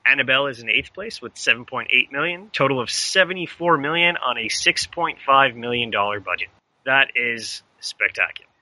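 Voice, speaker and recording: A man with a very bright, sharp voice runs through box office numbers in a relaxed, offhand way. The sound is dry and close, with no room around it. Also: medium pitch, brisk, dry recording, rough recording. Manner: reads figures in a relaxed, offhand way. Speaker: podcast co-host reading box office numbers. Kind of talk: casual chat.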